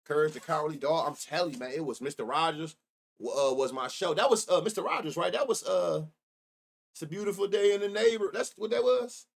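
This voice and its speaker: A man's voice: on the high side, animated, fairly quick, vocal fry. A middle-aged man hosting a sports betting live stream, chatting loosely and profanely while reminiscing and reacting to his chat. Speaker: sports betting show host.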